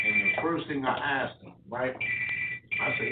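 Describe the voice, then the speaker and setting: A boxing coach chatting casually on a podcast, an animated storyteller who repeats his words. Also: mid-range voice, a little slow, very noisy. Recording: echoey room, tinny lo-fi sound from far.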